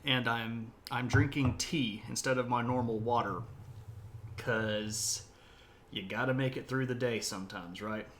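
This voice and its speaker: A man's voice: medium pitch, fairly even intonation, unhurried, a bit bright, a little hiss or hum. Guy hosting a history stream, chatty and opinionated, wanders off on side tangents. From United States (South Mississippi). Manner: chatty, self-described opinionated, rambling asides. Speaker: history livestream host. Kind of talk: casual livestream chat and history talk.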